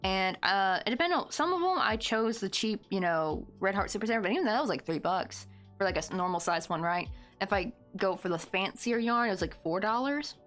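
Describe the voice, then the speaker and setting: A thirtysomething woman runs a crochet livestream, rambling through casual chat full of fillers and easy laughs. Her mid-range voice is animated, fairly quick, and a bit bright, and soft background music plays.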